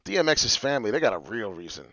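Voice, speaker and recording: A man hosting a casual crypto chart video, excitable and prone to loud rants. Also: mid-range voice, fast, vocal fry, no room sound. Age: adult with a young child. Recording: dull lo-fi audio.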